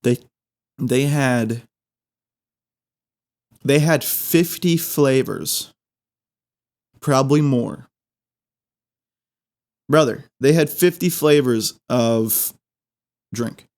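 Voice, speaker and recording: Excitable man rambling through a funny story. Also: mid-range voice, extremely slow, long pauses. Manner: rambling, excitable, repeats words for laughs. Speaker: podcast host. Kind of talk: comedic storytelling monologue.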